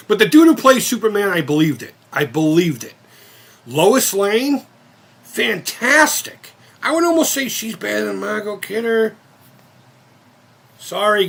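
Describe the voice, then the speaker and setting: A man's voice: high voice, vocal fry, a bit bright. A man of fifty hosting a casual live-stream chat, rambling and cursing with many restarts. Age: 50s. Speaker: channel host.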